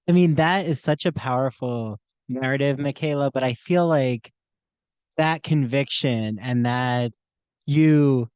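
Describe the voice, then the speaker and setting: A man hosting a podcast, asking long questions with halting pauses. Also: medium pitch, a little mellow, clear, resonant tone, no echo, highs cut off. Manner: halting, searching for words. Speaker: podcast host. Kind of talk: interview questions.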